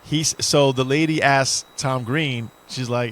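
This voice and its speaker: A man's voice: mid-range voice, steady tone, a little slow, few pauses, a bit bright. A man co-hosting a podcast in casual chat, rambling and joking, swearing freely as he talks. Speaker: podcast co-host. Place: indoors, dim room.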